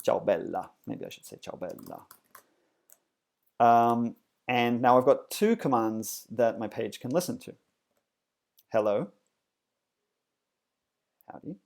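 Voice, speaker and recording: A man's voice: medium pitch, darkish tone. A man teaching a coding lesson in a casual, explanatory way, with frequent fillers and self-corrections. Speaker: instructor. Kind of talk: screencast coding tutorial.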